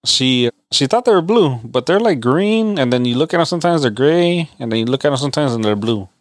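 A man's voice: mid-range voice, expressive, fairly quick, no room sound, clean studio sound. A man co-hosting a casual podcast chat, laid-back and teasing, mostly giving short replies.

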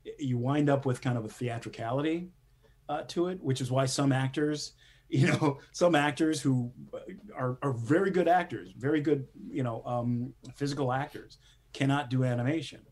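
A man who is a screenwriter, speaking as a guest in a casual interview and telling lively stories with acted-out quotes and frequent laughter. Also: medium pitch, normal speed. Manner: animated storyteller, acts out quotes, laughs often.

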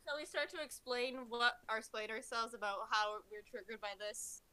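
A woman's voice: fairly high pitch, moderate pace, crowd noise. A woman co-hosting a casual podcast, fussy and full of fillers. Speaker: podcast co-host. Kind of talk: casual group chat.

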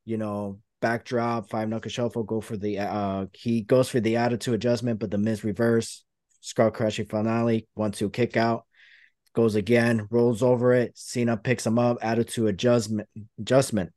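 A man's voice: lowish voice, flat delivery, normal speed, darkish tone, no room sound, clean studio sound. Rambling man in casual podcast chat. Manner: rambling play-by-play retelling. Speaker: podcast host.

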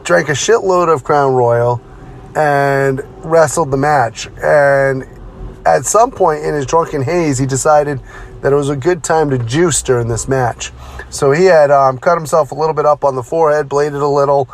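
A middle-aged man, a former pro wrestler, telling stories in a brisk, conversational, self-deprecating way. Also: on the high side, slight background noise. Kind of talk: casual storytelling.

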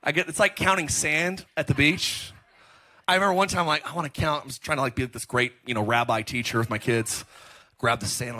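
A middle-aged man preaching a sermon as pastor, telling stories in an animated, joking way. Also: medium pitch, a little fast. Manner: animated, joking storytelling with laughs.

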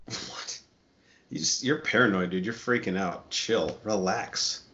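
A man's voice: deep voice, a little slow, pushed and bright. Wry, bossy man on a muffled podcast. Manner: wry, bossy, sarcastic recommendations. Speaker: podcast co-host. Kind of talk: casual chat.

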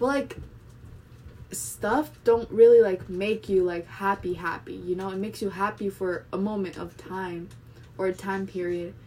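A woman's voice: medium pitch, a little mellow, a little hiss or hum. Chatty young woman rambling with fillers. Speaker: vlogger. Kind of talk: casual monologue vlog. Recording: voice a bit distant from the mic.

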